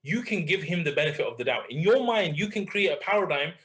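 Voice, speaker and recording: A man's voice: a little high, lively intonation, fast, a bit bright. A man coaching someone in conversation, asking pointed questions and calling him bro. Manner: direct, questioning, calls listener bro.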